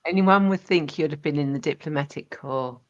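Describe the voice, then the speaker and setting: A woman co-hosting a live spiritual reading stream, speaking slowly and haltingly as she searches for words. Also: low voice. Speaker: psychic reader and co-host. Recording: muffled, dull audio.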